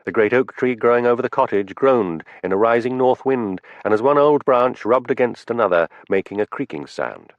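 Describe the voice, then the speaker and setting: A man narrating a mystery audiobook in a steady, expressive way. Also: medium pitch, normal speed, hardly any pauses, no room sound, muffled recording. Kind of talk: scripted narration.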